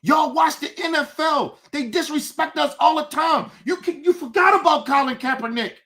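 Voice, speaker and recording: A woman hosting a livestream, ranting angrily in a profane voice that often breaks into shouting. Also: high-pitched, normal speed. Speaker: streamer, show host. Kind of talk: livestream rant.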